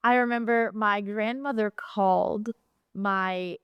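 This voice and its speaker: A woman's voice: mid-range voice, steady tone, slow pace, clean tone, no echo, highs cut off. A woman hosting a casual interview, chatty and enthusiastic with gushing reactions. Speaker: host.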